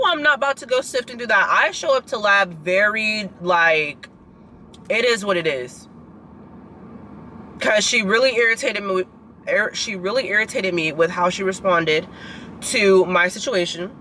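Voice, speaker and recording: A woman's voice: mid-range voice, sharp tone, slight background noise, poor audio. A 22-year-old woman in a casual vlog, ranting in frustration straight to her viewers and leaning on lots of "like" and "girl". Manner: filler-heavy, keeps saying "like" and "girl". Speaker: vlogger and student.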